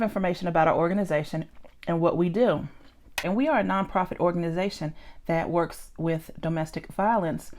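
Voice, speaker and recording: A woman's voice: on the low side, a little fast, darkish tone. A woman chatting casually as she eats on camera, rambling and laughing often. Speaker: mukbang vlogger. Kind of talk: casual chat while eating.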